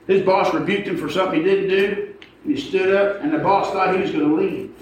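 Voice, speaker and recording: A man with a high voice preaches a folksy, emphatic sermon, pausing for amens. He is recorded from far off in a very echoey church, with steady noise under his words. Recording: echoey hall from far off, noisy.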